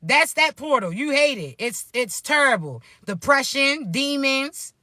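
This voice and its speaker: Blunt, bright-voiced woman coaching listeners. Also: high voice, animated, measured pace, dry recording, studio quality. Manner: blunt, profane, no sugarcoating; calls listeners baby, preachy asides. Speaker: spiritual coach. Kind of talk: casual motivational vlog talk.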